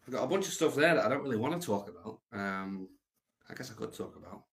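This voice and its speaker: A man hosting a livestream, rambling in a deadpan, mumbling way with lots of ums. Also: mid-range voice, quick pace, creaky. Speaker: livestream host.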